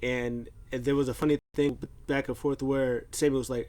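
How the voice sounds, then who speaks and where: A man's voice: medium pitch, level tone, normal speed, few pauses, a little mellow. A man casually recapping a wrestling show, rambling with lots of fillers and restarts. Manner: rambling, filler-heavy storytelling.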